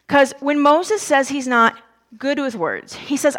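Conversational woman preacher, slightly high voice. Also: unhurried. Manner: conversational, animated storytelling with asides. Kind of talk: sermon.

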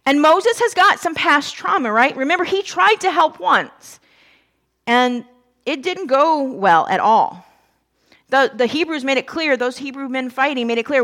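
A woman preacher giving a sermon in a conversational, animated storytelling way with casual asides. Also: high-pitched, unhurried.

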